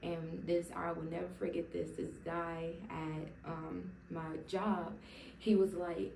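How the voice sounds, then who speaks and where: A young woman tells her faith testimony in a loose, emotional ramble, stacking up fillers and restarting her sentences. Her voice is low for a woman and gravelly with fry, with a mellow, dark tone. She sits back from the mic in a roomy space with a faint ambient hum behind her. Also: little pitch movement, slow pace, recorded from a distance. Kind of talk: personal testimony told casually to camera. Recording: roomy sound from away from the mic.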